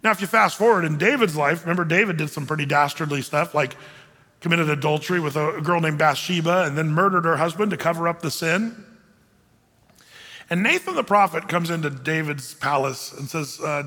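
High bright-voiced preacher in a reverberant hall. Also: male voice, normal speed. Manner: conversational, animated, acts out quoted voices. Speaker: pastor. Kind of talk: sermon. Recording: long reverb of a large hall.

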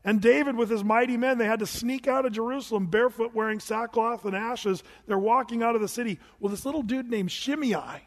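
A male pastor preaching a sermon, telling the story in an animated way that swings between loud and hushed, with humorous asides. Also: extremely high pitch, fairly quick, few pauses, big-room sound.

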